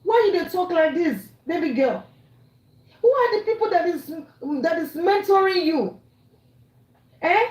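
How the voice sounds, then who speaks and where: A woman's voice: extremely high pitch, lively intonation, measured pace, long pauses, darkish tone, echoey room, rough recording. A woman with a Nigerian accent ranting angrily and scolding, mixing English, Pidgin and Yoruba. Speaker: online commentator. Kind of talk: angry rant.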